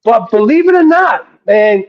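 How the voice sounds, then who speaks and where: A man being interviewed as a guest rapper, telling excited, rambling anecdotes full of profanity. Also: very high-pitched, moderate pace. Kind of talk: casual interview storytelling. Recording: dull lo-fi audio.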